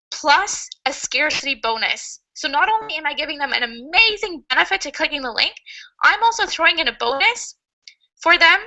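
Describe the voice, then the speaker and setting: A woman's voice: high-pitched, pushed and bright, poor audio. A woman teaching a webinar lesson in an upbeat, chatty way, laughing often. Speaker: online marketing coach.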